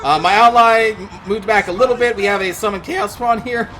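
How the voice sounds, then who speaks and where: A man's voice: high-pitched, fairly quick, a crowd in the background. A man giving gameplay commentary as a channel host, ranting in exasperation and swearing often.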